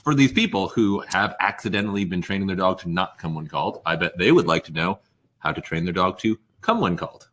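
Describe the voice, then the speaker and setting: A man with a low, bright voice hosts a live stream. He steers the conversation and turns to the viewers at home. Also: lively intonation, brisk. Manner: prompting and steering the talk, addressing viewers. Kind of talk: hosting a live stream interview.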